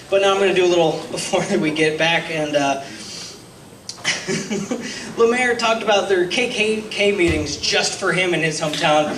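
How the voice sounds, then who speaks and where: Awkward young man doing stand-up. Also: sits high. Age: 20s. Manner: hesitant, awkward, self-deprecating delivery with many ums. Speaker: stand-up comedian and host. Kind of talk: stand-up comedy set. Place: comedy club stage. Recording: roomy club sound, mic heard from a distance, loud crowd laughter. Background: audience laughing.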